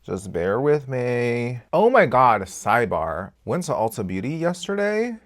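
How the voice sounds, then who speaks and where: A man chatting candidly to camera as a beauty vlogger while doing his makeup, swearing freely and swinging between loud outbursts and quiet asides. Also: mid-range voice, very animated, unhurried. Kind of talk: casual get-ready-with-me chat.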